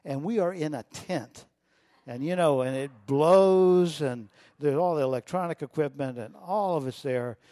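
A middle-aged man preaching a sermon, telling a personal story with feeling and swinging between loud and soft. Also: on the high side, a little slow, no echo, studio quality. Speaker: pastor.

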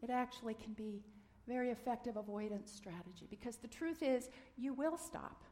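A middle-aged woman giving a gentle, earnest sermon, sometimes dropping to a soft near-whisper. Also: fairly high pitch, moderate pace. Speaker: minister. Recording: long hall reverb.

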